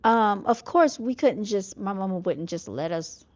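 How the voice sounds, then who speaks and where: A woman speaks in a relaxed, chatty vlog voice at a middle pitch, filling her sentences with "like" and "um" as she recalls things. The recording sounds a little dull and lo-fi. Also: measured pace. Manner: chatty, with many fillers. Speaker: vlogger. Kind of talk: casual storytelling.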